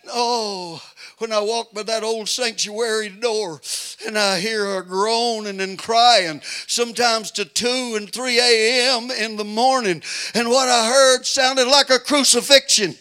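An older man preaches a revival sermon in a high, bright voice. He tells homely stories slowly and then rises into shouting. The delivery is unhurried even at its loudest. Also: smooth. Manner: folksy storytelling building to shouting.

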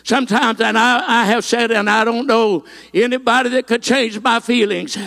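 Male preacher, very high gravelly voice, impassioned delivery peppered with "uh". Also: normal speed. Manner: impassioned, with frequent "uh" fillers and rising shouted peaks. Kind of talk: sermon.

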